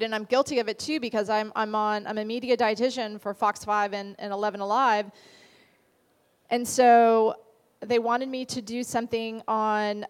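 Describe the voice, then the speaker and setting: Woman, slightly high voice, dietitian giving a class, chatty, lots of asides and questions to the room. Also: clear, resonant tone. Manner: conversational, full of "you know" and rhetorical questions to the audience. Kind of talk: casual class talk.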